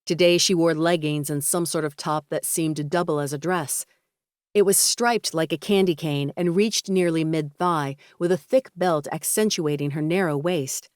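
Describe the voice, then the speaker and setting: A woman reading a romance audiobook in a steady, even storytelling voice on a close studio mic. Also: sits low, normal speed, clear, resonant tone, dry recording. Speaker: audiobook narrator. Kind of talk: scripted narration.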